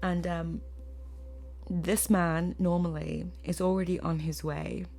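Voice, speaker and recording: A woman giving a spoken tarot reading to her viewers, earnest and emotional, often pausing to search for words. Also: lowish voice, little pitch movement, gravelly, darkish tone. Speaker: tarot reader.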